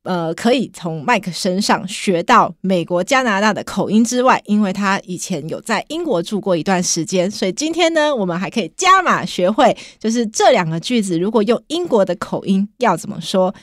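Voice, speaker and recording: A woman's voice: medium pitch, animated, brisk, hardly any pauses, dry recording, studio quality. Chatty woman hosting a language podcast. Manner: chatty, encouraging, prompts the guest. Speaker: podcast host. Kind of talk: bilingual podcast language lesson.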